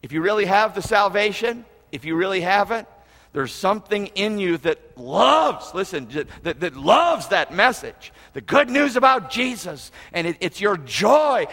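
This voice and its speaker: Man, pastor, earnest sermon, repeats phrases, bright tone, long reverb. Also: high voice. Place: church auditorium. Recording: reverberant hall.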